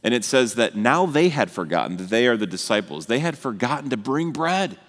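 A man's voice: mid-range voice, big pitch swings, brisk, fairly bright tone. A man preaching a sermon in an earnest way, building to emphatic repeated phrases. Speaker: pastor. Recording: long hall reverb.

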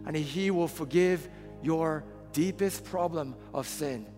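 Male preacher, slightly high voice, long hall reverb, soft music underneath; impassioned sermon delivery. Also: takes it slowly. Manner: impassioned, rising to loud appeals. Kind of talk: sermon with illustration story.

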